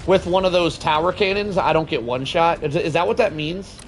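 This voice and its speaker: A young man streaming a co-op shooter, joking with his chat and now and then bursting into shouts. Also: on the high side, fairly quick, a little hiss or hum. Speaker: game streamer. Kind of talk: casual gaming stream chat.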